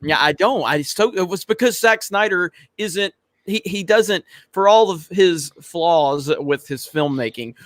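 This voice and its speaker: A man's voice: high voice, expressive, unhurried, a bit bright, no echo, studio quality. A man co-hosting a casual podcast chat, opinionated and thinking aloud. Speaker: podcast co-host.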